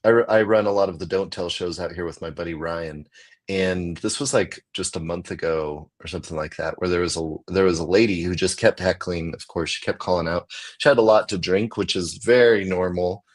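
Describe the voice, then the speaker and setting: An American man telling a story in casual chat, animated, acting out the voices he quotes and laughing often. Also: low voice, brisk. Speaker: comedian guest.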